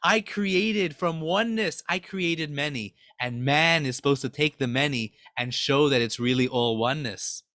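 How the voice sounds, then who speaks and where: A man's voice: on the high side, moderate pace, hardly any pauses, dry recording, clean studio sound, voice pushed down. A man voicing God as a patient, loving father figure, speaking tenderly and soothingly. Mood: earnest. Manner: tender, soothing, gently amused.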